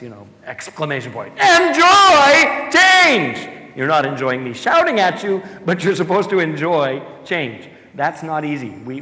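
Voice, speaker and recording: A man giving an animated, jokey conference talk and addressing the audience directly. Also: mid-range voice. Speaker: conference speaker. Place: large conference hall. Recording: echoey hall with long reverb.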